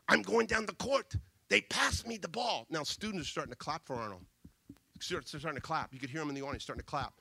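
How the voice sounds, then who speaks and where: A man in his fifties, a motivational speaker telling a story with energy, repeating his phrases and swinging between hushed and loud. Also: fairly high pitch, fast, gravelly, slightly rough, no echo.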